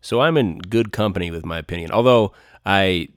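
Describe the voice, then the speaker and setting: A man's voice: low voice, brisk, no room sound, clean studio sound. A man hosting a solo music podcast, talking enthusiastically and in superlatives. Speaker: podcast host.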